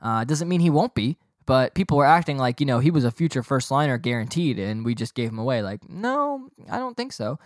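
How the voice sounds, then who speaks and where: Joking, boastful young podcast host. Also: male voice, medium pitch, fast talker, hardly any pauses, no room sound, studio quality. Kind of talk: casual podcast monologue.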